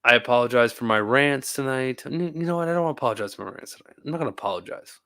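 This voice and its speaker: A worn-out man rambles on his live stream, chatty and quick to laugh. His pitch sits in an ordinary middle range. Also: lively intonation, a bit bright, clean tone. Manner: rambling, tired and talkative, laughs often. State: tired. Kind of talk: casual live-stream chat.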